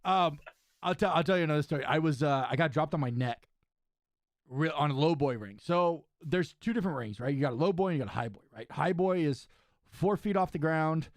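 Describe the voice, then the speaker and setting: Young male host and wrestler, slightly high voice, dry close recording, animated storyteller. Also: fairly quick, no echo. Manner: animated storyteller, says "right?" and "dude" often. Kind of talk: casual chat, storytelling.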